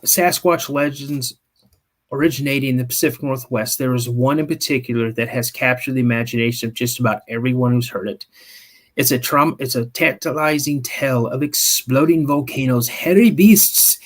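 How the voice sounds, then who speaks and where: Animated man telling a campfire-style story. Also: medium pitch. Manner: animated, builds scenes with second-person storytelling; frequent restarts and repeated "okay?". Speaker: podcast co-host. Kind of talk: live-stream storytelling chat.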